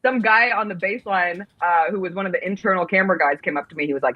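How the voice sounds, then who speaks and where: A woman's voice: on the low side, fast talker, hardly any pauses, lo-fi sound. Woman hosting a playful sports talk show. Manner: playful, dramatic outrage.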